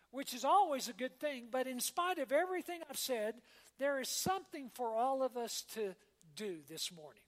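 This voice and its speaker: Here a woman pastor with a high-pitched voice delivers her sermon conversationally, as if chatting with the congregation, often pausing for an "all right?" or "amen?". The sound echoes with a lengthy reverb, like a large sanctuary.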